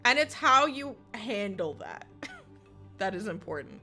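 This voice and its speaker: A woman's voice: mid-range voice, sing-song, measured pace, sharp tone, soft background music. A woman streamer chatting casually while gaming, swearing constantly and laughing often as she rants. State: recovering from illness.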